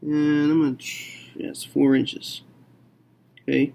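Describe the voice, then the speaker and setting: A man teaching a math lesson, working through a problem slowly and thinking aloud with frequent okays. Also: a little high, monotone, vocal fry, warm tone, slight background noise.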